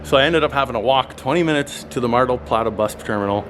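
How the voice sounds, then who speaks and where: A man from Alberta, Canada, recounting his travel mishaps to camera in a rambling, animated vlog, with lots of fillers and an exasperated curse now and then. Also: mid-range voice, fast talker, faint music behind. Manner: swears in exasperation. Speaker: travel vlogger. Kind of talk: casual storytelling to camera.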